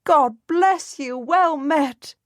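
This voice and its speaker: A woman voicing an eager young queen who talks in an excited, urgent way. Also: mid-range voice, normal speed, no echo, clean studio sound, lightly acted. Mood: joyful.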